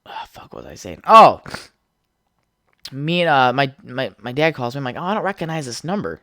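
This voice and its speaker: A young man hosts a casual solo podcast, rambling through stories with plenty of swearing and frequent laughter. His mid-range voice swings widely in pitch and sounds pushed and bright at a fairly quick pace. The recording is dry and studio quality.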